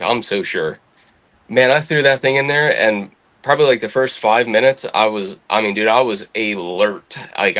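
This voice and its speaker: A young adult man telling a military story as a podcast guest, casual, swearing freely, quoting others in livelier voices. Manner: lively anecdotal, swears freely, quotes others with rising pitch.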